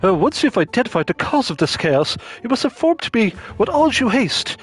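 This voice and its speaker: A man's voice: very high-pitched, very animated, fairly quick, slightly rough, soft background music, pitched above the performer's own voice, heavily acted. A man reading the lines of a worried, formal masquerade host in a game. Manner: formal, pleading delivery. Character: polite, fretful male masquerade host.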